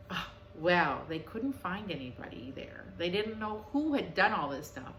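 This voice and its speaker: A woman telling a children's story in an animated, expressive way. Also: lowish voice, normal speed. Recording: echoey room.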